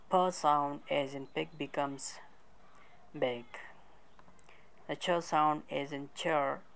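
A woman delivers a methodical recorded lesson, reading out examples one word at a time. Her voice sits low and carries a steady creaky rasp. She takes her time over every point. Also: poor audio. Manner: methodical, marks each new point with "okay". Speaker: teacher. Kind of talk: recorded lecture.

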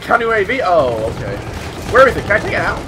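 High, lively young man gaming. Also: quick pace. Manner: excitable, swears a lot, yelps at hits. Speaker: gaming YouTuber. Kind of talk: casual gameplay commentary. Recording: game noise under the voice.

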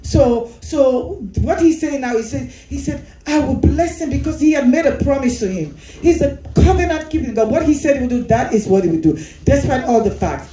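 A woman's voice: sits high, lively intonation, moderate pace, few pauses, dark tone, echoey room, a little hiss or hum, rough recording. A woman leading a Sunday school class, explaining a Bible passage, repeating phrases and asking the class questions. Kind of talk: Bible teaching.

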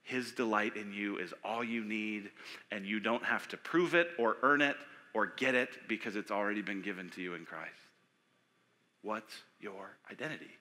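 Animated man preaching in a big hall. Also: mid-range voice. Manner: animated, acts out voices, asks the audience questions. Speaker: pastor. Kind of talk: sermon. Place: church sanctuary. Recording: long hall reverb.

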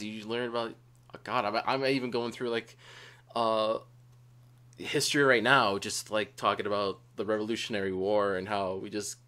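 A young man from Wisconsin hosting a casual podcast chat, loose and jokey and quick to laugh. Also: on the low side, a bit bright. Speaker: podcast host.

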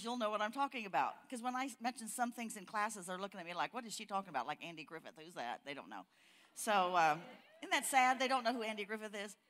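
A woman's voice: mid-range voice, a bit bright. An older woman preaching a sermon at a church conference, folksy and storytelling, building to fiery emphasis. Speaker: conference speaker.

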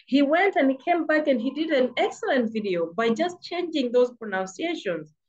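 Woman from malawi, british-sounding accent, pushy motivational coaching talk, slightly high voice, muffled audio. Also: expressive, moderate pace, darkish tone. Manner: emphatic and insistent, repeats for stress. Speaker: freelancing coach.

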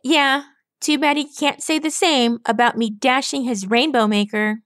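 A cocky tomboy pegasus pony girl, voiced by a woman reader, pitched well above the narrator's voice. She talks loudly and scrappily, and the storybook reading is kept close and dry. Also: steady tone, measured pace, dry recording. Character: brash tomboyish young female pegasus pony.

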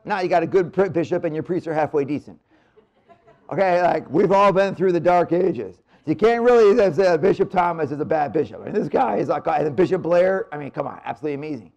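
A man with a high voice preaches at a marriage retreat in a church room. He speaks casually and with energy, then drops into slow, quiet stretches to stress a point. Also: creaky, highs cut off. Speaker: priest giving a marriage retreat talk. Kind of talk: live retreat talk. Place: church room near the Blessed Sacrament.

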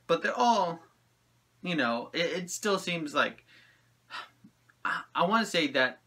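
A man talking casually to camera in a reaction video, wandering from thought to thought and laughing as he goes. His voice is very bright and sits at an ordinary middle pitch. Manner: rambling and friendly, often laughing between thoughts.

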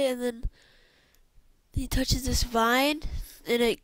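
A woman with a slightly high voice narrates an improvised story at an unhurried pace. She rambles and drops in her own sound effects. The recording is dry and close. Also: steady tone, fairly bright tone, no echo.

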